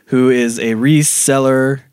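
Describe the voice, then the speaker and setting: A man's voice: medium pitch, steady tone, takes it slowly, darkish tone, smooth, no echo, clean studio sound. A man hosting a casual podcast chat, telling a crime story with lots of laughs and fillers. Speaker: podcast host.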